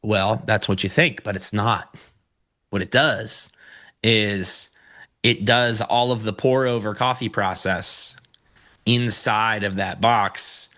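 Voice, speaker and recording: A man's voice: on the low side, slow. A man co-hosting a casual live trading show, joking around and talking about his hobbies, and a bit stuffed up. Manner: playful and joking, excitable asides. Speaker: co-host.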